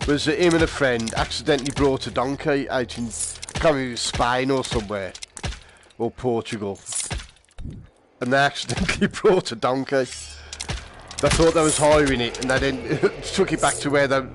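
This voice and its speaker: A man's voice: mid-range voice, normal speed, background noise. A man streaming a VR game, chatting casually, swearing and laughing as he plays. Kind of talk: casual chat while playing a VR game. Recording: game music loud under voice. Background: game music.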